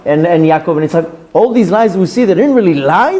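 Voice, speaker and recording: A man, a rabbi giving a Torah class and telling stories with lively, acted-out quotes. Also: brisk. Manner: lively storytelling, voices quoted speakers with big pitch jumps.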